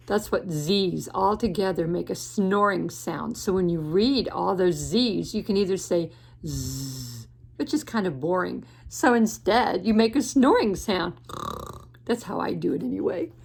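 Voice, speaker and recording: A woman teacher reading a picture book aloud to children in a gentle way, pausing to ask the listener questions. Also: medium pitch, gravelly, slight background noise. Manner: gentle, asks the listener questions, laughs often.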